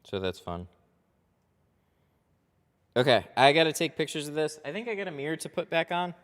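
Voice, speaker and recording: A man's voice: fairly high pitch, sing-song, normal speed, fairly bright tone. Chatty man in an echoey tint shop. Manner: chatty, rambling, laughs often. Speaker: window tint shop owner livestreaming. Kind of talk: casual livestream chat while working. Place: car tint workshop. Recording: echoey reverberant workshop.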